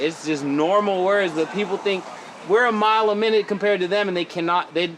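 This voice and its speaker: A man talks loose and lively, full of slang and quick laughs. His voice sits a little high. Bar chatter and clatter fill the background around him. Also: noisy background. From Oregon. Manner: animated, slangy, laughs often. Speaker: rapper guest. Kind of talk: casual chat. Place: busy lounge bar.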